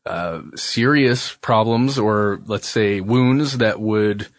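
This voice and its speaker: A man's voice: on the low side, slow, dry recording, clean studio sound. A man co-hosting a podcast, explaining a case in casual chat with joking asides. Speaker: podcast co-host.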